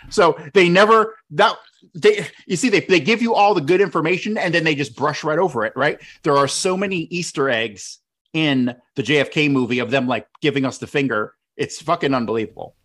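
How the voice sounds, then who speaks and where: A man's voice: medium pitch, a bit bright. A man hosting a talk show, speaking loosely with many fillers and restarts. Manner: loose, restarting, with lots of "uh" and "right?". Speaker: podcast host. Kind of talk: casual talk.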